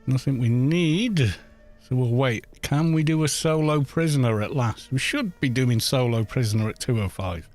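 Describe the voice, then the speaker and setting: A man's voice: mid-range voice, lively intonation, moderate pace, a little mellow, faint music behind. Chatty middle-aged London man. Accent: London English. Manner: rambling, chatty, greets viewers from chat. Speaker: game streamer. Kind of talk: casual chat while gaming.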